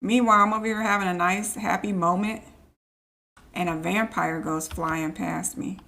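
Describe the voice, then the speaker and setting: A woman's voice: lowish voice, fairly even intonation, normal speed, vocal fry, bright, forceful tone. A woman streaming a life-sim game, chatting casually and teasing her characters as she plays. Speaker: gaming streamer. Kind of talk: casual let's play commentary.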